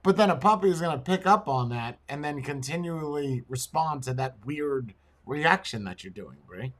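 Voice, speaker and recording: A man hosting a podcast, chatting casually and telling crude, rambling stories with animated delivery. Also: on the high side, moderate pace. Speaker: podcast host. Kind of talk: casual chat and storytelling.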